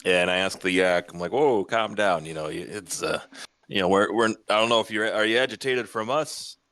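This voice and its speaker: A man plays a tabletop game in an easygoing, joking way. His voice is fairly low, and the sound is dry and close. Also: normal speed, fairly bright tone, dry recording. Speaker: player. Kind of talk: tabletop role-play.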